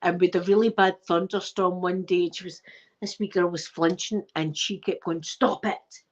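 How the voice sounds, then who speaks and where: Animated Scottish woman telling stories. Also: on the low side, moderate pace, lo-fi sound. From Scotland. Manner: animated, emphatic, repeats herself. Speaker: channel host. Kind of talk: casual storytelling to a live chat.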